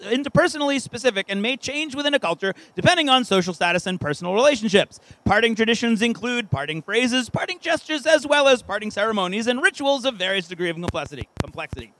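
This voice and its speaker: Lively, high-voiced male quizmaster. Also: fast, few pauses, dry recording, rough recording. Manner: playful, animated quizmaster. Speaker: podcast co-host. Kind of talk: live podcast trivia quiz.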